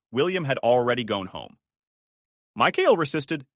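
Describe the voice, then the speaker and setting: Man narrating a melodrama, swinging pitch. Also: big pitch swings, normal speed, fairly bright tone, no echo, clean studio sound. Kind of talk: scripted dramatic narration.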